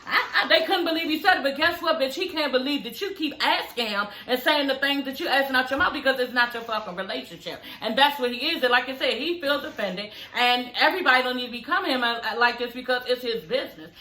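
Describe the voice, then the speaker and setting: A woman recapping a reality TV episode in casual, animated, profane talk aimed straight at her viewers. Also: high voice, fast talker, hardly any pauses, reverberant, low-quality recording.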